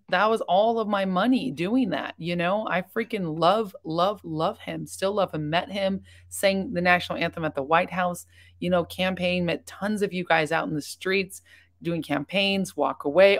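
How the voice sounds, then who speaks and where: Chatty woman hosting a livestream. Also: lowish voice. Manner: chatty and rambling, with quick jumps between topics; candid and openly emotional. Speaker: livestream host reacting to videos. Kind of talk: casual livestream chat, reading viewer comments.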